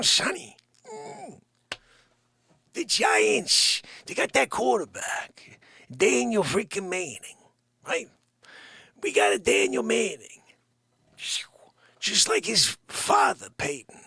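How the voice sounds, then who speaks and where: Rambling, gravelly-voiced comic man. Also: a little high, huge pitch swings, a little slow, long pauses, sharp tone, dry recording, studio quality. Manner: rambling, dropping into muttered whispered asides; playfully bickering with an off-screen partner. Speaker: live-stream host. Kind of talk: improvised comic monologue.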